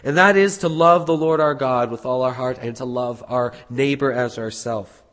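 A man preaching a sermon as pastor, earnest, building to emphatic peaks and dropping low again. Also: moderate pace, fairly bright tone. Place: church sanctuary. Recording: husky voice in long hall reverb.

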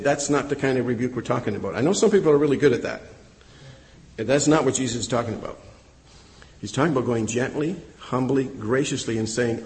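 A man's voice: medium pitch, normal speed, a little mellow. Man, pastor, sermon, emphatic repetition, echoing church hall. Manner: storytelling preacher, emphatic repetition.

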